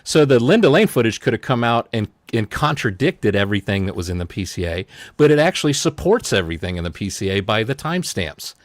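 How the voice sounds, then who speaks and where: A man's voice: fairly low pitch, big pitch swings, quick pace, hardly any pauses, dry recording, studio quality. A man on a casual online panel, walking through details step by step as he makes his case.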